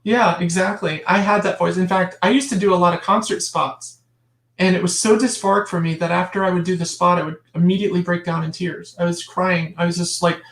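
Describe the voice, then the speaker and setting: A woman's voice: on the low side, fairly even intonation, fairly quick. A woman guest talking in a casual interview, emphatic and impassioned, often restarting her sentences and adding asides. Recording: roomy echo.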